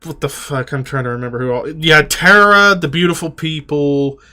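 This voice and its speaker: A man's voice: a little high, normal speed, pushed and bright. A man hosting a podcast in casual chat, ranting with profanity in an exasperated way. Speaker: podcast host.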